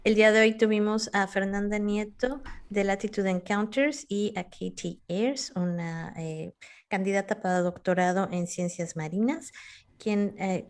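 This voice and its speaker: A woman co-hosts a community news show and closes with a brief, friendly summary. Her voice sits at a middle pitch. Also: a little mellow. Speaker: co-host. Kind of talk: talk show hosting, sign-off.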